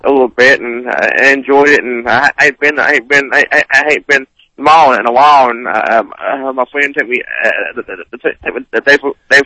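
A man's voice: mid-range voice, fairly quick, bright, forceful tone, no echo, close to an everyday voice, rough recording. A man doing a stammering, simple-minded fellow. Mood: earnest. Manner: stammering, repeats words, drawling. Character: slow stammering grown man, simple and eager.

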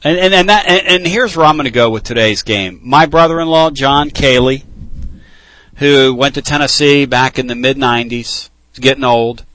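A man hosting a call-in sports radio show, folksy and animated. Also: mid-range voice, moderate pace, dry recording, rough recording. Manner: animated, folksy, laughs freely.

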